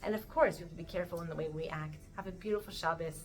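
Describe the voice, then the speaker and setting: A woman teaching a weekly Torah lesson in a casual, animated way, acting out the voices she quotes. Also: fairly low pitch, rapid-fire, low-quality recording.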